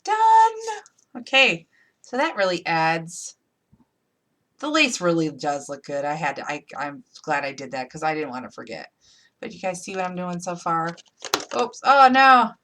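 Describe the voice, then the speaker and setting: A low, animated, sharp-toned woman's voice moves at a moderate pace over slight background noise. She has an upstate New York accent and is hosting a live crafting tutorial, chattering playfully and thinking out loud through each step.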